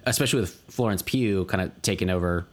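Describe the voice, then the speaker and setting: A man's voice: low voice, fast talker. A man co-hosting a casual movie review podcast, rambling with lots of fillers and casual swearing. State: tired. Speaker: podcast co-host.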